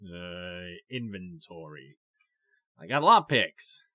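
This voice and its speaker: A man's voice: low voice, very animated, slow, bright, forceful tone, no echo, clean studio sound. A man hosting a let's play, thinking aloud with many fillers in casual commentary.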